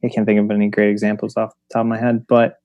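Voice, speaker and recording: Low-voiced, easygoing comedian guest. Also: male voice, monotone, racing, darkish tone, no room sound, muffled recording. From Detroit, United States. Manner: easygoing, self-deprecating, hedging. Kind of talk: casual chat about comedy.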